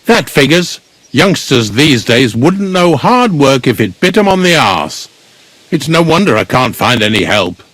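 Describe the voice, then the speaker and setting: An actor playing a blunt, grumbling village gravedigger in a video game, speaking. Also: male voice, medium pitch, sing-song, measured pace, a bit bright, no echo. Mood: gruff.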